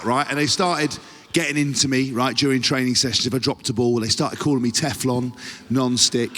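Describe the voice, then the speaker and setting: A man's voice: medium pitch, a little slow, background noise. A man hosting a live podcast, telling a rowdy, profane story and checking in with the audience. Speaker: podcast host. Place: live theatre stage. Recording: live venue with long reverb.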